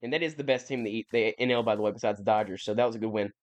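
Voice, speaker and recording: A man's voice: on the low side, racing. A young man giving casual, rambling commentary over a video game, often correcting himself and sounding mildly exasperated. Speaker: gaming YouTuber.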